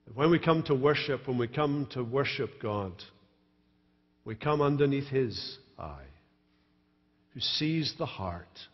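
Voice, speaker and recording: Pastor preaching in a reverberant church. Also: male voice, medium pitch, animated, slow pace, pauses often, breathy edge. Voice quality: storytelling, dry humor. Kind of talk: sermon. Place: large church sanctuary. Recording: reverberant church hall, dull live stream.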